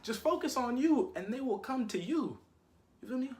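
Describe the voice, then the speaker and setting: Slangy, animated young man telling a story. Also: very high voice, moderate pace, a little hiss or hum. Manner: slangy, animated, keeps saying "you feel me". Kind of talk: casual storytime monologue.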